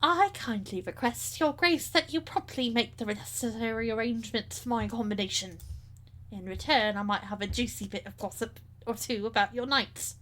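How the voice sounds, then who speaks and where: A woman's voice: on the high side, moderate pace, fairly bright tone, lightly acted, rough recording. A woman voicing a tough, scarred old female tower administrator with a put-on Cockney accent, prim and sly.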